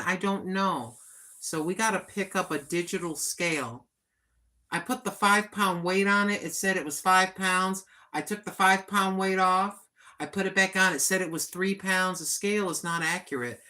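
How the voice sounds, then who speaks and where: Older woman, livestream host, talks plainly and earnestly; bright, slightly low voice. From United States. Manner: plain-spoken, chatty and earnest. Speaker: vlogger. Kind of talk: casual livestream chat.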